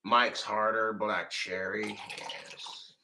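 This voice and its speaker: Loud profane drunk man ranting. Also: on the low side, level tone, drawn-out words, vocal fry, a little hiss or hum, rough recording. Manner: profane, loud outbursts, swings into shouting. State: drinking, tipsy. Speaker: livestreamer. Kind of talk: drunken rambling livestream.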